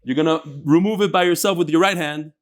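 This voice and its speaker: A man with a fairly high voice leads a daily Talmud lesson. He explains lightly and jokes often, dropping Hebrew and Aramaic terms into his English. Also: quick pace, noisy background. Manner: lively, joking, mixes in Hebrew and Aramaic terms. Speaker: Talmud teacher.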